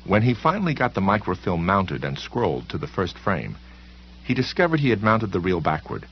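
A man reading a novel aloud as a narrator, in a measured, expressive way. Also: low-pitched, slight background noise. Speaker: audiobook narrator. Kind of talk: scripted narration. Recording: dull lo-fi recording.

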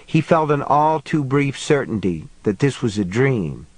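Measured man narrating an audiobook. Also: medium pitch, slightly rough, no echo, poor audio. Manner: measured, steady storytelling. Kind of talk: scripted narration.

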